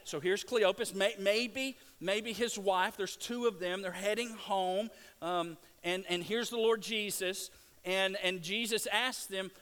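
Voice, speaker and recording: A middle-aged man preaching a sermon, telling scripture stories with lively restarts and stammers. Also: sits high, measured pace. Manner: animated storytelling, stammering restarts.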